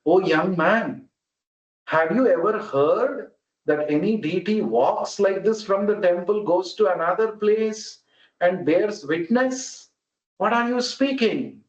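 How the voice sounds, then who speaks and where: A man voicing a divine child deity who speaks from a temple statue, gently teasing and then kindly commanding. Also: sits high, animated, slow pace, pitched above the performer's own voice. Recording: roomy, muffled online call audio.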